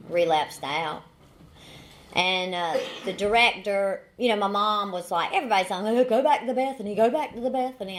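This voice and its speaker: A woman's voice: mid-range voice, fairly bright tone, a little hiss or hum. A woman in her forties with a Southern American accent, sharing her recovery story at a meeting in a folksy, humorous way. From Southern United States. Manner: folksy storytelling with repeated phrases and dry humor. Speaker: AA speaker. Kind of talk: recovery testimony talk.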